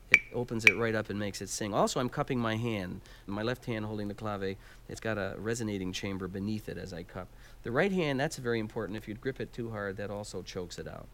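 A man teaching Latin percussion, explaining each instrument step by step and counting out beats aloud. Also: fairly low pitch. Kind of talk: instructional demonstration. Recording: loud background noise.

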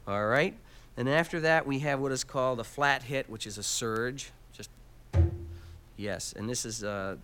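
A man teaching Latin percussion, explaining each instrument step by step and counting out beats aloud. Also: mid-range voice. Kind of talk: instructional demonstration. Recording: loud background noise.

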